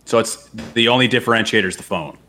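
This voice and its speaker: A man's voice: on the low side, fast talker, sharp tone, faint music behind. A man in a casual chat who argues his opinions, often repeating words as he thinks.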